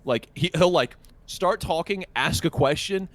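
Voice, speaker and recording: A man's voice: fairly high pitch, measured pace. A young man telling a long story on a casual podcast, swearing freely and acting out what people said. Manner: animated, profane, acts out quotes. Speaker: podcast co-host.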